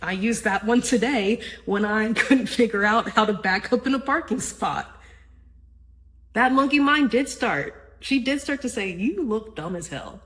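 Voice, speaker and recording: On her spiritual self-help podcast, a woman talks in an unhurried, earnest but casual way, peppering in "right?" and occasional swearing. Her higher, fairly bright voice comes through a low-quality recording.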